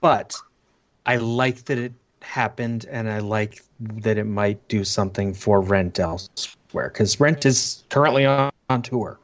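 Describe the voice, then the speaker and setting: A man guest on a podcast, giving measured opinions in casual chat. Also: lowish voice, lo-fi sound.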